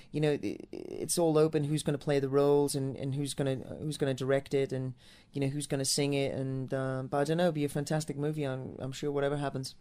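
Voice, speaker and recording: A man's voice: mid-range voice, dark tone. A man from Newcastle, England, with an accent mixing American and Northern English, answering interview questions about his stage career in a rambling way with many restarts. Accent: mix of American and Northern English. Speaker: musical theatre actor and singer.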